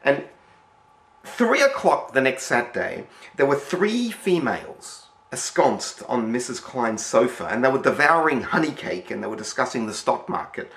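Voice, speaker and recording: Aussie guy rambling thru a story, gravelly voice, echoey room. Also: medium pitch, very animated, normal speed, fairly bright tone. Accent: Australian. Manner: rambling, many fillers and restarts. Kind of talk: casual spoken storytelling. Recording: roomy echo.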